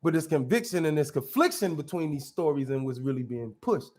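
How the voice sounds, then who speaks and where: A man's voice: fairly high pitch, lively intonation, a little fast, darkish tone. A man hosting a casual commentary show, arguing bluntly and with profanity as he reacts to clips, often restarting his sentences. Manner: blunt, profane, argumentative, restarts mid-thought.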